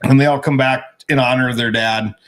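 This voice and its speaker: A man's voice: mid-range voice, steady tone, brisk, a bit bright. Rambling man in casual chat. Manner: rambling storyteller, many restarts. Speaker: co-host.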